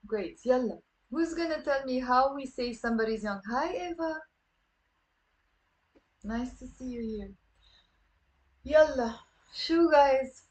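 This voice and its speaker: A woman with a Lebanese accent teaching a live online Arabic class, lively and encouraging, saying words slowly for her students to repeat. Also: sits high, rough recording. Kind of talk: live online language lesson.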